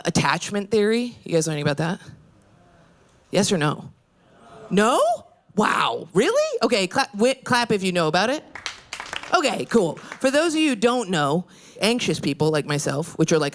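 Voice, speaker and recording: Young female comic from upstate New York, brash, very animated delivery with shouted high bits, live club recording with crowd noise. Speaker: stand-up comedian. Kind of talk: stand-up comedy set. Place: comedy club stage. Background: audience laughter and applause.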